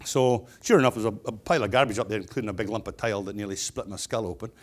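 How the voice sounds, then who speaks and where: A man's voice: fairly low pitch, racing. A middle-aged man, a stonemason and business owner, giving a keynote speech full of humorous anecdotes and chatty restarts.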